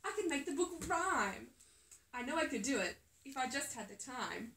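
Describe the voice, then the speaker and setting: Woman reading an eager small girl ferret, storybook, high lively voice, bright tone, echoey room, phone mic at a distance. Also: normal speed, full character voice.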